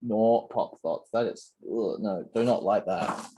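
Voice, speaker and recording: A man's voice: on the low side, measured pace, warm tone, husky. A young man hosting a casual solo chat while building, rambling and self-mocking with a sore throat. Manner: rambling, self-mocking, many fillers and restarts. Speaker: channel host.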